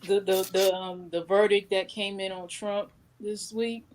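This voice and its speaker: A woman co-hosting a casual livestream, chatty and quick to chime in. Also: medium pitch, level tone, a little hiss or hum. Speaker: podcast co-host.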